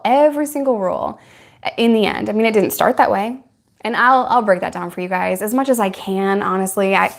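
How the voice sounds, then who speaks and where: Candid, chatty young woman vlogger. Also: mid-range voice. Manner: candid and chatty, laughing often. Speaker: YouTuber answering viewer questions. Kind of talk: casual Q&A chat.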